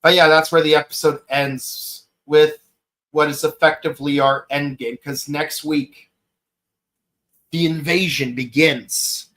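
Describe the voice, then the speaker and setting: A man in his thirties hosting a podcast, gushing through an excited solo review with many fillers and exclamations. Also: fairly high pitch, measured pace. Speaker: podcast host reviewing an episode.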